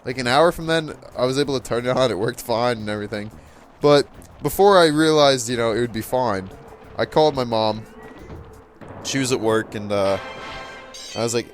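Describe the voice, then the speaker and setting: A man's voice: medium pitch, brisk, soft background music. Chatty teenage guy telling a story. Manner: chatty, laughs often, acts out quotes. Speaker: gaming channel host. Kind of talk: casual storytelling over gameplay.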